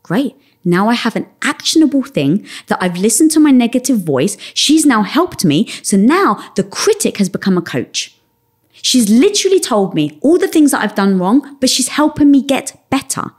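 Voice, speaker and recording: A woman's voice: on the high side, big pitch swings, moderate pace, breathy edge. A woman in her thirties, a podcast guest, talking candidly and acting out her inner voice in quotes. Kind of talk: candid conversational storytelling.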